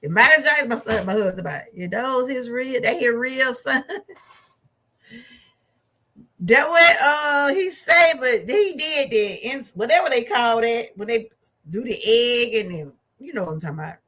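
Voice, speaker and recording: A middle-aged woman chats through a movie review, telling stories with lively asides. Her voice sits a little high and rings bright and forceful. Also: normal speed. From Georgia, USA. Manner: animated, chatty storytelling with laughs and asides. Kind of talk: casual chat.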